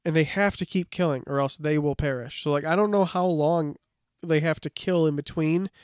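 A man's voice: fairly high pitch, moderate pace, clear, resonant tone, no room sound, clean studio sound. A man co-hosting a podcast, telling lore in a casual, chatty way and reading bits from his notes, with lots of filler words. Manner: relaxed storytelling, reads from notes, many "like" fillers. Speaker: podcast co-host. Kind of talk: casual chat.

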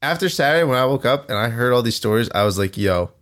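A man's voice: mid-range voice, expressive, rapid-fire, a bit bright. A man co-hosting a casual chat, easygoing, laughing along and giving short replies. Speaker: podcast co-host.

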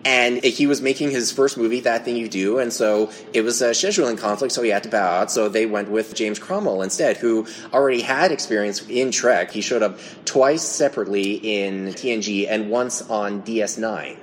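A man's voice: fairly low pitch, moderate pace, few pauses, slight background noise. A man hosting a casual podcast trivia quiz, reading out questions and multiple-choice answers. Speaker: quiz host.

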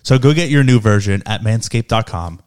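A man's voice: fairly low pitch, animated, brisk, darkish tone, smooth. A young man co-hosting a casual podcast, reading news items aloud and joking with his friends. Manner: reads news items aloud, jokes and laughs often. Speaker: podcast co-host. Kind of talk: casual chat.

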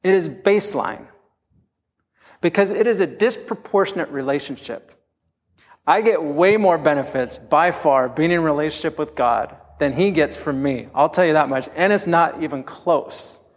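A man's voice: on the high side, normal speed, big-room sound. A middle-aged man preaching a sermon as pastor, telling candid, self-deprecating stories from his own life.

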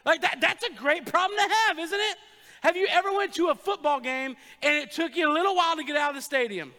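A man's voice: very high voice, bright, forceful tone. A man pastor, giving a sermon in a church in a chatty, joking way and teasing the congregation. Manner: joking, conversational preaching with quick asides to the crowd. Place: church sanctuary. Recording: long hall reverb.

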